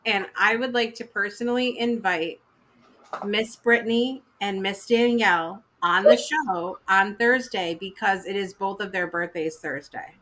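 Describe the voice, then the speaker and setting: Bright, chatty woman host. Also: medium pitch, measured pace, a little hiss or hum. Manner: chatty, laughing, scattered asides. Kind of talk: casual live-show hosting.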